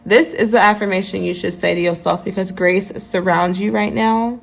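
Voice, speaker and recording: A woman's voice: medium pitch, fairly even intonation, normal speed, creaky. A woman giving a casual tarot reading to her viewers, chatty and mixing readings from the deck's guidebook with asides to the audience. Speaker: tarot card reader.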